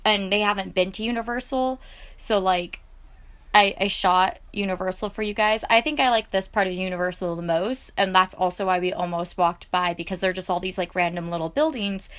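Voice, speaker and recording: A woman's voice: medium pitch, steady tone, fairly quick, fairly bright tone. A young woman vlogger narrating her travel footage in a chatty, gushing way, full of fillers. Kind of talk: casual vlog voice-over.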